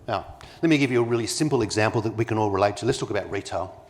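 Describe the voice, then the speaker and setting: A man's voice: fairly low pitch, rapid-fire. Persuasive man addressing a conference. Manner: engages the audience with rhetorical questions; emphatic, persuasive delivery. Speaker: keynote speaker. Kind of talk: live conference talk. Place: conference venue.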